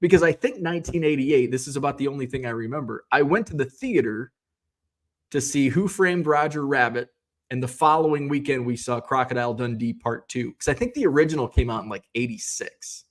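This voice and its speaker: A man's voice: medium pitch, fairly quick. A middle-aged man from the United States hosting a casual live-stream show, reading viewer comments and rambling through tangents with frequent self-corrections.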